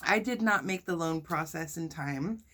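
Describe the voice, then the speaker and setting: A young woman vlogger telling a story to her viewers in a casual, animated and indignant way. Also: sits low, normal speed. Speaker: mukbang vlogger.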